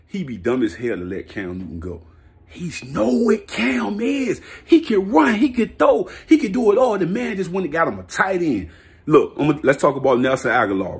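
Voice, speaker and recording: A man vlogging a hyped, slangy football rant, laughing and repeating himself in his excitement. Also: on the high side. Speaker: sports vlogger.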